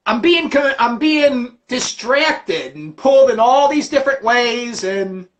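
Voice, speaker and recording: A man hosting a livestream, ranting about religion with constant cursing and animated storytelling. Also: very high voice, unhurried. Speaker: livestream host. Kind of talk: profane religious rant.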